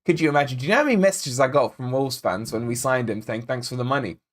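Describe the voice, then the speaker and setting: A man's voice: medium pitch, quick pace. A man born in Scotland hosting a live football watch-along, chatting and reading out viewer comments and predictions. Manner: chatty, reads out chat names and predictions, excitable. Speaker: fan channel host.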